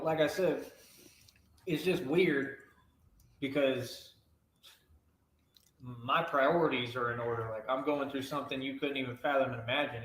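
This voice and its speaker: A man's voice: medium pitch, fairly bright tone. Boastful man taunting his viewers. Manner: boastful, taunting, repeats "right?". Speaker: streamer in a reacted clip.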